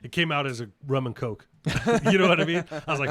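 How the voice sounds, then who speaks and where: A man's voice: medium pitch, expressive, fast, crowd noise. A man co-hosting an off-road podcast in casual, blunt chat, swearing easily and telling stories. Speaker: podcast co-host.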